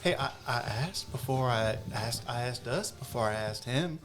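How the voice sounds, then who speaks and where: A man's voice: medium pitch, expressive, normal speed, music in the background. A man playing a tabletop game, asking questions and joking in character. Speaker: player. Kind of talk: casual tabletop play.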